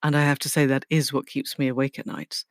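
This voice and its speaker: A woman's voice: very deep voice, level tone, quick pace, no room sound. Effusive woman hosting a podcast, dry sound. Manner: effusive, enthusiastic. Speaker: podcast host. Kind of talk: podcast intro and interview.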